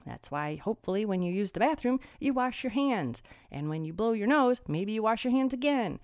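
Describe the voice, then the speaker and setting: A woman delivers a mocking commentary monologue, firing off rhetorical questions. Her voice is mid-pitched but swoops widely as she needles. The sound is dry, with no room around it. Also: big pitch swings, brisk, darkish tone, dry recording.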